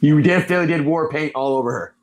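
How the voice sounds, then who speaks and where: Male host and game master, high voice, lively excitable narration. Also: fast talker. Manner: animated, excitable storytelling. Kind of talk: casual chat and tabletop game narration.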